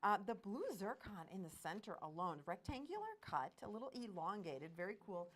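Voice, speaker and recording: A woman's voice: medium pitch, sing-song, a little fast, a bit bright. Bubbly woman hosting jewelry sales. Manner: bubbly, enthusiastic, gushes over pieces and prices. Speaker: jewelry shopping host. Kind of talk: live shopping presentation.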